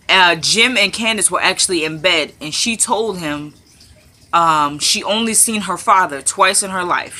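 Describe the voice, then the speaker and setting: Very bright-voiced woman recapping a show. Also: lowish voice. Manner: chatty, repeats herself for emphasis. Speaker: TV recap vlogger. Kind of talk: casual episode recap.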